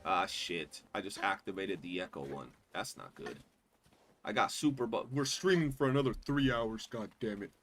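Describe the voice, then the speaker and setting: A young man livestreaming a game, talking in a loose, animated, slangy way and swearing often. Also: lowish voice, moderate pace, faint music behind. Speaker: streamer. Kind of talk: casual gaming livestream chat.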